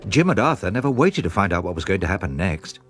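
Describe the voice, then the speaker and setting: A man narrating a children's storybook in an expressive, measured way. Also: low voice, faint music behind. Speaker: audiobook narrator.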